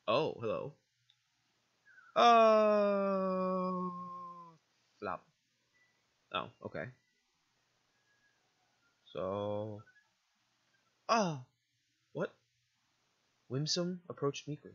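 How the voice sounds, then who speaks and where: A man's voice: on the high side, sing-song, slow, long pauses, fairly bright tone, lo-fi sound. A man giving casual, jokey, profane commentary while playing a video game. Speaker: let's play gamer.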